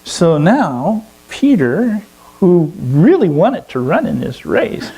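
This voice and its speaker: A man tells a long story to a fellowship gathering and often chuckles along the way. His voice is slightly high and full of movement. He speaks at an unhurried pace. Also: big pitch swings, mellow, breathy edge, rough recording. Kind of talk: storytelling sermon.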